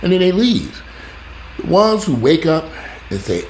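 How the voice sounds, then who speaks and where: A man talking casually to his viewers, rambling and joking, swinging between loud exclamations and low asides. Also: sing-song, normal speed, slight background noise. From United States. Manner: rambling, joking, talks straight to the audience. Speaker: vlogger.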